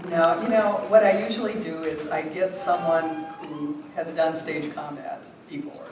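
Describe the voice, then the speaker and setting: A woman's voice: sits low, steady tone, unhurried. A woman from the United States leading an acting workshop, answering questions in a chatty way with many fillers and frequent laughs. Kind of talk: casual Q&A teaching. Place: theatre workshop room. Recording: roomy, distant, faint noise.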